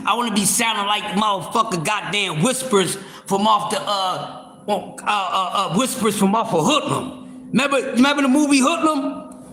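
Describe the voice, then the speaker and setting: A man hosting a casual boxing livestream, talking loudly with lots of profanity and restarts. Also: high voice, roomy sound. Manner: loud, profane, animated, with repeated fillers and restarts.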